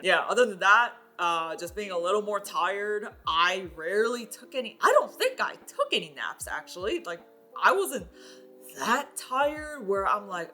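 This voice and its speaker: A young woman talks straight to the camera in a loose, chatty vlog style. She fills her talk with fillers and laughs often, in a bright voice at a middle pitch. Faint music plays behind her. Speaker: vlogger. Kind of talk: casual chat to camera.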